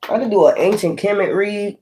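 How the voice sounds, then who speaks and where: A man's voice: high voice, a little mellow, slight background noise. A man reading tarot in a casual, rambling vlog chat, talking while he chews. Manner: chatty, slow and rambling, talks while chewing. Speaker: tarot reader.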